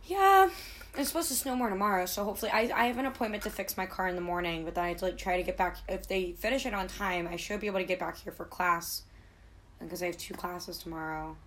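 Animated, swearing young woman podcaster. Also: lowish voice, fast. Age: young adult. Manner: animated, swears freely, storytelling. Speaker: podcast host. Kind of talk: casual podcast chat.

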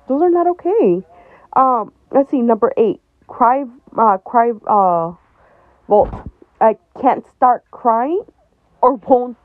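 A woman's voice: high voice, dry recording. A young woman hosting a podcast, talking candidly and bluntly, swearing often and laughing between heavy points. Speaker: podcast host. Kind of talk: candid personal talk. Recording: dry, tinny phone-like sound.

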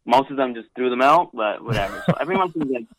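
A man's voice: mid-range voice, lively intonation, quick pace, fairly bright tone, no echo, low-quality recording. A young man in his twenties, a wrestler guesting on a podcast, rambling casually with lots of fillers. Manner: loose, rambling, heavy on fillers.

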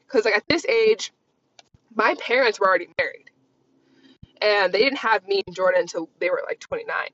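A woman's voice: medium pitch, normal speed, pauses often, a bit bright. A woman in her twenties hosting a casual solo podcast, talking candidly in a rambling way, with lots of "like". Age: 20s. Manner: rambling, candid, heavy use of "like". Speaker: podcast host. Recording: slightly dull lo-fi recording.

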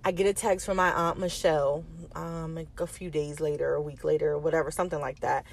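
A woman's voice: deep voice, steady tone, brisk, creaky. A woman, a mother, telling a personal story in a candid, rambling way, repeating herself and swearing casually.

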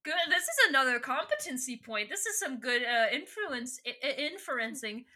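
Woman podcast host, casual chatty recap, bright tone. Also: high-pitched, normal speed. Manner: chatty, excitable asides.

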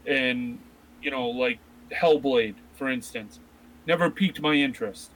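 A man's voice: medium pitch, measured pace, fairly bright tone, slight background noise, rough recording. A man in his thirties co-hosting a casual chat about video games, rambling with many restarts. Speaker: podcast co-host.

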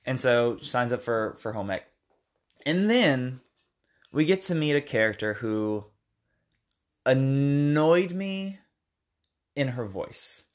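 A man's voice: medium pitch, expressive, measured pace. Guy from the states rambling thru a movie recap, restarts a lot, acts out lines. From United States. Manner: rambling, self-correcting, acts out film lines. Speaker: podcast co-host. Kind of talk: casual film review chat.

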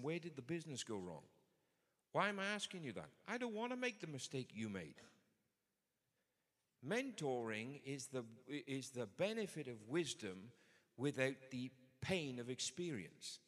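A man's voice: mid-range voice, very animated, moderate pace, long reverb tail. A man preaching a sermon in a conversational but emphatic way. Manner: conversational, emphatic, builds to forceful points.

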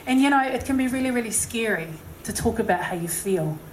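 Her voice is on the high side, expressive and a little fast. A singer with a New Zealand accent, she tells a live audience a personal story with encouragement, chatty and self-deprecating, full of "you know" fillers. The poor audio has an echoey room and slight background noise.

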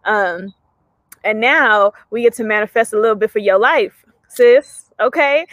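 Animated young woman host, dry close sound. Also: fairly high pitch, unhurried, no echo. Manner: animated, slangy, emphatic. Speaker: podcast host. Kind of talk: casual chat.

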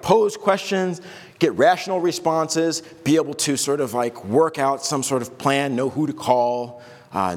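A man's voice: medium pitch, long reverb tail. A man preaching a sermon as pastor, in a loose, conversational way, stopping and restarting and acting out little asides. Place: church.

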